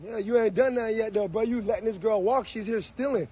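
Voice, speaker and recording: Agitated man, strikingly high voice, shouting profanities in an outdoor standoff. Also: fast, husky. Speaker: homeowner arguing with police.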